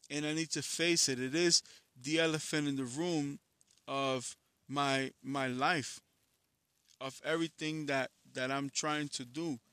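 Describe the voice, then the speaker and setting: A man's voice: a little high, bright, forceful tone, no room sound. A man who is a musician, giving a blunt, profane, candid personal monologue, frustrated and reflective.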